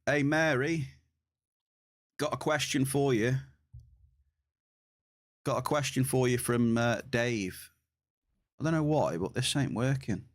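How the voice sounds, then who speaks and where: Man, casual streamer chat, unhurried, mid-pitched. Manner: laid-back, chatty, laughs at own pronunciation. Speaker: game streamer.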